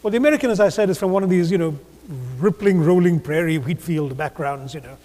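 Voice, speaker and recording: A man from India giving a measured, rhetorical conference speech with gentle humor in a large auditorium. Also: a little high. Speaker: keynote speaker. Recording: long hall reverb.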